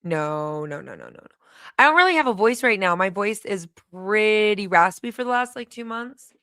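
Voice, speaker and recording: A woman hosts a casual livestream, chatty and excitable, and laughs often. Her voice is smooth and clean at a middle pitch, and the recording is close and dry. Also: normal speed, no echo. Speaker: livestream host.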